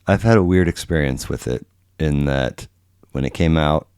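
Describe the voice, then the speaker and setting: Very deep-voiced middle-aged male podcast host. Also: normal speed, darkish tone, clear, resonant tone, no room sound, studio quality. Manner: rambling, many restarts and fillers, acts out quotes. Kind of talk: casual conversational interview.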